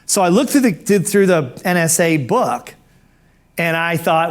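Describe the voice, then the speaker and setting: A man who is a professional speaker, telling a personal story in an animated way and acting out the dialogue. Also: a little high, a little slow. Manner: animated, acts out dialogue, self-amused.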